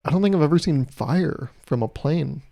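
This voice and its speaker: A man's voice: a little high, normal speed, gravelly, dark tone, dry recording, studio quality. A young man hosting his podcast, telling a travel story in a casual, comedic way with exasperated, swearing rants. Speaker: podcast host.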